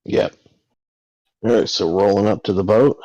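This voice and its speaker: A man with a gravelly voice playing a tabletop game, speaking in a dry, matter-of-fact way. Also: on the low side, normal speed, a little mellow, dull audio. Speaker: player. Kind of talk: casual tabletop play.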